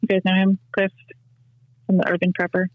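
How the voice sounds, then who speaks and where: A woman's voice: medium pitch, monotone, a little fast, no echo, phone-quality sound. A woman guesting on a podcast, chatting casually and rambling with lots of fillers and restarts. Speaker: podcast guest, knife maker. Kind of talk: casual chat.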